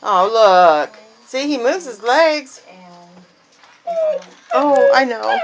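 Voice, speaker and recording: A woman's voice: a little high, animated, very slow, long pauses, noisy background. A woman filming her dog at home, laughing and scolding it with short repeated commands. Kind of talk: casual home video chatter.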